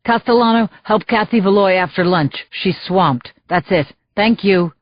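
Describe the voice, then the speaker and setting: A woman's voice: mid-range voice, measured pace, dry recording, highs cut off, natural voice. A woman narrator voicing a blunt male boss who gives curt orders.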